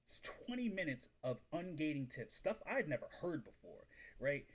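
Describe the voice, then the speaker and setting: A man hosting a casual livestream on reselling, telling stories in an animated way, full of "like" and acting out other people's voices. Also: on the high side, normal speed, husky. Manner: animated, acts out quoted voices, heavy use of "like". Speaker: reselling business livestream host.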